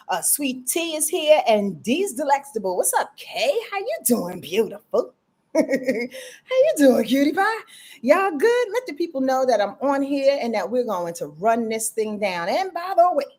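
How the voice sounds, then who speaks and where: Animated woman hosting a livestream. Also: fairly high pitch. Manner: animated, chatty, greets viewers by name, prone to rants. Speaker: astrologer and channel host. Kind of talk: casual livestream chat.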